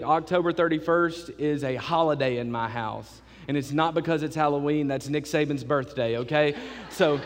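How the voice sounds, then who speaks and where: Animated storytelling preacher man. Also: a little high, long reverb tail. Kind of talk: sermon.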